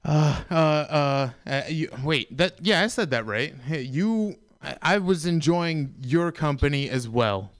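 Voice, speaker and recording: A man closing his stand-up set in a halting, goofy way. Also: on the high side, animated, dry recording. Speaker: stand-up comedian. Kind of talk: open-mic stand-up sign-off.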